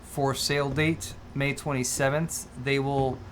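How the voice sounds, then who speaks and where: A man's voice: medium pitch, level tone, unhurried, a bit bright, a little hiss or hum. A man co-hosting a casual tech livestream, easygoing and laughing often, stumbling over his words. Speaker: co-host.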